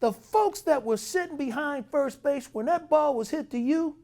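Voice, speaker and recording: A man impersonating a furious, foul-mouthed older baseball manager who scolds his team in a loud, gravelly voice. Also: sits high, sing-song, normal speed, voice pushed up. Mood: ranting. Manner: yelling, scolding.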